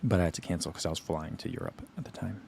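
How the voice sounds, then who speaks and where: A man's voice: low-pitched, lively intonation, rapid-fire, vocal fry, a little mellow, a little hiss or hum. Rambling man on a livestream. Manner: rambling, full of "like" and "you know" fillers. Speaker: running channel host. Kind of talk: casual livestream chat answering viewer comments.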